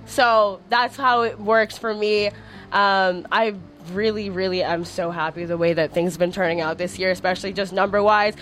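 A woman's voice: medium pitch, fairly even intonation, moderate pace, fairly bright tone, soft background music. A young woman from Montreal, a record label founder, chatting casually in an interview, bubbly and giggly, with many "like" fillers. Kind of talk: casual radio interview chat. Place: crowded room with people.

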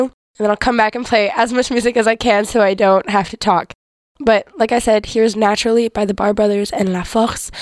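A young woman hosting a radio show in a casual, chatty way, her voice hoarse and worn. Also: mid-range voice, darkish tone, dry recording. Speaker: radio host.

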